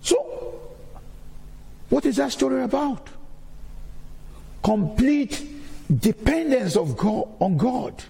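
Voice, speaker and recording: A man's voice: extremely high pitch, animated, slow pace, gravelly, long pauses, warm tone, breathy edge, in a large hall. A man giving a sermon-style testimony in a church, repeating key phrases as he preaches.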